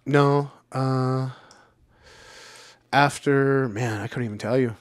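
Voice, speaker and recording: A man's voice: mid-range voice, fairly even intonation, slow pace, no echo, studio quality. A man in his thirties talking candidly on a podcast, laid-back, with lots of fillers and the odd curse word. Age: 30s. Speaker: podcast regular. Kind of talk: casual podcast chat.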